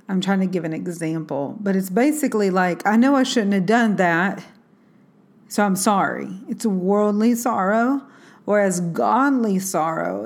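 A woman's voice: mid-range voice, darkish tone. A woman in a casual faith talk, speaking earnestly and reflectively, with many fillers and restarts. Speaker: Christian speaker.

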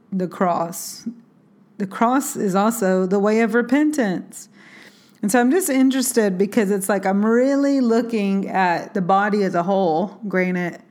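A woman in a casual faith talk, speaking earnestly and reflectively, with many fillers and restarts. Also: medium pitch. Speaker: Christian speaker.

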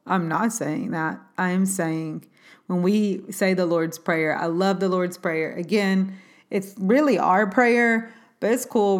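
Earnest woman speaking on prayer. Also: lowish voice. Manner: earnest, exhortative, with casual fillers. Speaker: podcast host. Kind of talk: devotional talk on prayer.

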